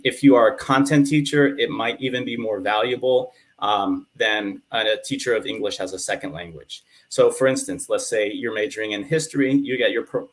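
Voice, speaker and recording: A man with a fairly low voice gives explanatory interview answers over a video call. He speaks steadily and fills his pauses with ums and uhs. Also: rough recording. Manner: explanatory, uses many fillers. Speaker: guest educator.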